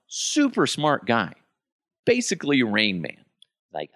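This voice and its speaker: A man hosting a comedy podcast, delivering a profane, mocking monologue full of quick impressions. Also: fairly low pitch, big pitch swings, fairly bright tone, no echo, clean studio sound. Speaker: podcast host.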